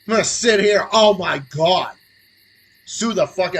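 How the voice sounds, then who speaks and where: A young man hosting a podcast stream, ranting angrily and sarcastically, swinging between low muttering and shouting. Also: expressive, unhurried, breathy edge, rough recording. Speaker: podcast host. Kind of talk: profane political rant on a livestream.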